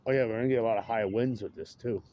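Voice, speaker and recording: Rambling low-voiced man chatting outdoors. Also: racing, warm tone, dull audio, a little hiss or hum. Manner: rambling, chuckles often. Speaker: vlogger. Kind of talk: casual chat.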